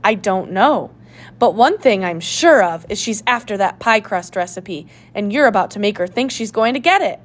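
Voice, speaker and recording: A woman voicing a determined young girl sleuth in a storybook, brisk and commanding. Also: mid-range voice, lively intonation, lightly acted.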